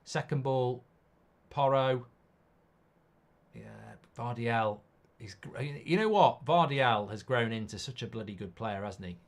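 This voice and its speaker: A man's voice: mid-range voice, slow, creaky. A man hosting a live football watchalong, casual and blunt, reading out viewer comments between reactions to the match. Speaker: host.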